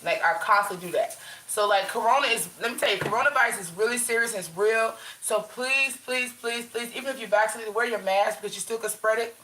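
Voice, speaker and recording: A woman's voice: on the high side, fast, sharp tone, reverberant, slight background noise, poor audio. A woman chatting casually with viewers from her bedroom, talking in a loose, rambling way with a runny nose. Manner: chatty, addresses viewers as y'all, lots of restarts. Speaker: vlogger. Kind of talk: casual livestream chat.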